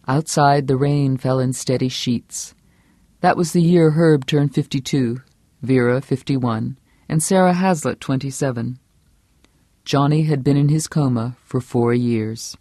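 An audiobook narrator reading a novel in a steady, measured way, with a middle-range voice. The recording is dry and close, with no room sound. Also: mid-range voice, no echo. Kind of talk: scripted narration.

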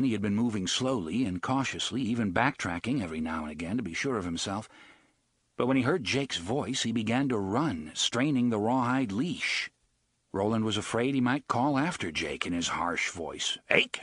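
A man reading an audiobook in a steady scripted narration, with a husky voice. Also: lowish voice, dry recording, studio quality.

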